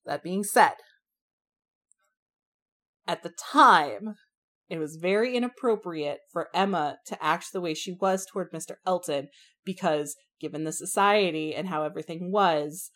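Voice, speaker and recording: At a measured pace and with a lowish voice, a woman co-hosts a laid-back book discussion. She's animated and frank, uses slang freely, and performs the characters' quotes aloud.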